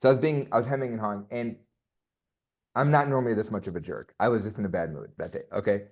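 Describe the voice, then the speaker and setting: Chatty man on a muffled call. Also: on the low side. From United States. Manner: animated, chatty, quick asides and laughs. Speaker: interview guest. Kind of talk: casual interview talk.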